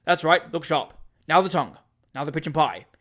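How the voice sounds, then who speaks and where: A jolly old country gentleman as the reader plays him, loud and hearty, rattling off brisk orders. He is bustling and good-natured, bellowing at his servant in this classic-novel audiobook. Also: medium pitch, very animated. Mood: bossy bustle.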